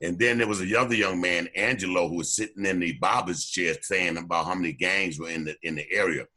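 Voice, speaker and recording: A man, a documentary co-producer and former youth coach, talking casually in a radio interview as an animated storyteller who often repeats his words while getting going. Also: low-pitched, a little fast.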